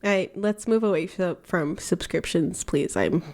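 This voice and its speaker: A woman's voice: fairly low pitch, measured pace, a little mellow. A woman co-hosting a casual podcast chat, giggly and hesitant, with lots of fillers as she talks. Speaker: podcast co-host.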